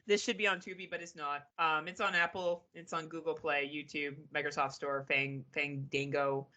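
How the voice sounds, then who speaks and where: A woman's voice: deep voice, little pitch movement, moderate pace, pushed and bright. A woman from Canada co-hosting a movie podcast, chatting frankly and swearing with a laugh. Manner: frank, profane, laughs often. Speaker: podcast co-host. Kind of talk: casual chat.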